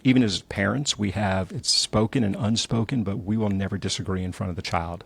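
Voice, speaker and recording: A man's voice: on the low side, a little fast, creaky, husky, no room sound. A middle-aged man from New Jersey, an entrepreneur guest telling stories candidly and acting out the quotes. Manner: animated storyteller, acts out quotes. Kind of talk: candid conversational storytelling.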